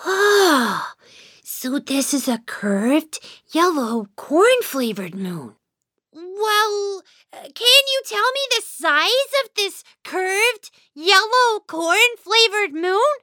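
A woman voicing a sleepy, patient young child who narrates a children's cartoon, in a gentle storytelling manner. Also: very high voice, big pitch swings, drawn-out words, no echo, studio quality, heavily acted. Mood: narrating.

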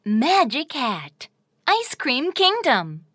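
A woman narrating a children's audio story in an expressive, sing-song, deliberate way. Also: sits high, no room sound, studio quality, faint music behind.

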